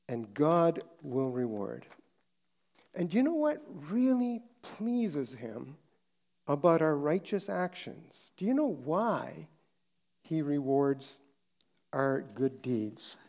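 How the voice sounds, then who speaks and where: Earnest man preaching, slightly high voice. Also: very animated, slow pace. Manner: earnest, emphatic preaching that drops to quiet, soft prayer. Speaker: pastor. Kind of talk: sermon.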